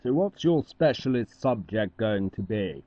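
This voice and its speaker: A performer voicing a stiff male quiz show presenter in an amateur cartoon, with a formal, measured delivery. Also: mid-range voice, very animated, dark tone, no room sound, muffled recording, voice pushed down.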